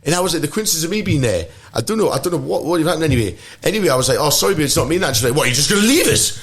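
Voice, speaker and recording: A man in his thirties with a Geordie accent guests on a podcast, speaking into a studio microphone. His slightly high, animated voice races along as he rambles through funny stories, laughing often and saying "like" and "mate" constantly in casual storytelling.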